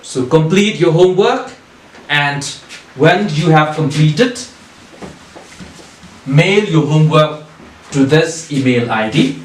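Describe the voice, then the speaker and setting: Slow, deliberate teacher. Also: male voice, on the high side, expressive, slight background noise. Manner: deliberate, asks questions then answers them himself. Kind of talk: recorded online English lesson. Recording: echoey room.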